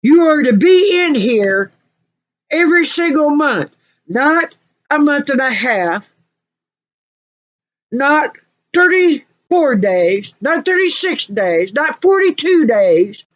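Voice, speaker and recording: A woman's voice: sits high, very animated, a little fast, warm tone, lo-fi sound, voice pushed up. A woman acting out a stern, scolding middle-aged male doctor who keeps repeating himself.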